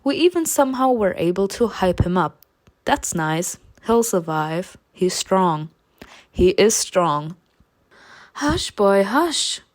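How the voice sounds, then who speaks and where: A woman's voice: fairly low pitch, animated, a little slow. Woman reading a game story with sarcastic asides.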